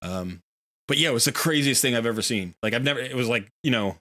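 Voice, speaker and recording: A man's voice: medium pitch, expressive, fast, pushed and bright. A man hosting a casual game livestream, chatting and telling a long rambling story with playful voiced asides. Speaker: game streamer. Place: home room near a window.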